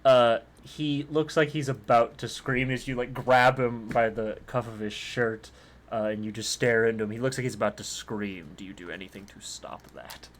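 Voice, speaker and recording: A man's voice: mid-range voice, fairly even intonation, moderate pace, a little hiss or hum. A man narrating as game master in a rambling way, with many fillers.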